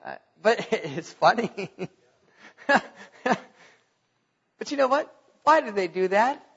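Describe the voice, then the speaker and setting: Animated high-voiced preacher in a hall. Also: male voice, takes it slowly, slightly rough, highs cut off. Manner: animated preaching, laughing at his own stories. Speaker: pastor. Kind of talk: sermon.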